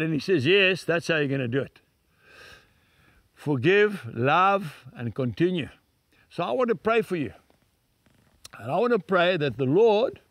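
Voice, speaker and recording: An older man preaching a folksy, earnest sermon and leading a slow prayer, speaking straight to his listeners. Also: sits high, fairly bright tone, dry recording, clean studio sound.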